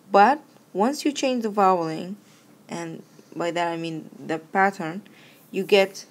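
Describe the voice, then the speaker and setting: A woman with a mid-range voice gives a recorded language lesson. She explains each verb pattern patiently, one step at a time. She recites the conjugations slowly and clearly. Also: medium pitch. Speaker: Arabic teacher.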